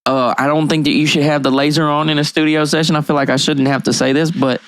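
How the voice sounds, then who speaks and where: A man's voice: on the high side, little pitch movement, quick pace, fairly bright tone, dry recording. A man co-hosting a podcast in casual chat, explaining things in a laid-back, profane way. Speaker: podcast co-host.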